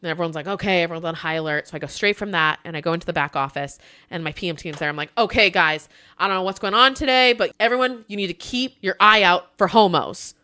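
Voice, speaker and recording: A woman with a Texan accent, co-hosting a casual podcast and telling a work story in an animated way, acting out quotes and laughing often. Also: on the low side, fast talker, smooth. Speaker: podcast co-host.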